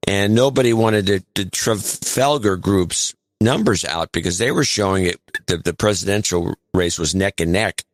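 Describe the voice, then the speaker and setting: A man with a fairly low voice talks through a casual podcast chat as co-host. He is emphatic and repeats words to drive his point home. The sound is dry and close, with no room echo. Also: normal speed, few pauses.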